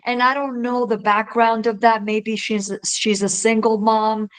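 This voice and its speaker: Woman podcast guest, earnest and heartfelt, unhurried delivery, rambling restarts. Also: fairly high pitch, level tone, poor audio. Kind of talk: casual interview talk.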